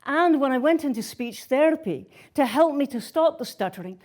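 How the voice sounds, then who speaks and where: Soft scottish-accented woman preaching, quiet intimate storytelling, slightly high voice. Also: animated, moderate pace, hardly any pauses. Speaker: worship minister. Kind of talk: gentle sermon storytelling.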